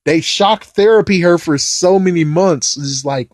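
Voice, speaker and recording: A man's voice: fairly high pitch, unhurried, no echo, clean studio sound. A man giving a casual, rambling movie review, exasperated and repeating himself as he swears.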